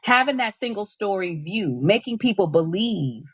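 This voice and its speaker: Husky-voiced woman speaking passionately. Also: mid-range voice, big pitch swings, moderate pace, dry recording, clean studio sound. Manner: passionate, emphatic, with repeated restarts. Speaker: education nonprofit CEO, guest. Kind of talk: conversational interview.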